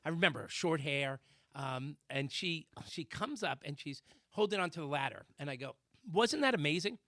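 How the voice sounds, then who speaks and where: A man co-hosting a talk radio show, telling a comic story with sound effects and shouted quotes. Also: a little high, moderate pace, no echo, clean studio sound. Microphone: studio microphone.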